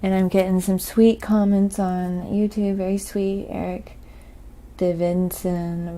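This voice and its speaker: A woman from Oklahoma with a slight Southern accent, chatting softly on a live painting stream and reading viewer comments aloud. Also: fairly low pitch, takes it slowly, vocal fry, a little hiss or hum. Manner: reads viewer comments aloud, thanks donors. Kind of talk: soft-spoken ASMR live stream chat.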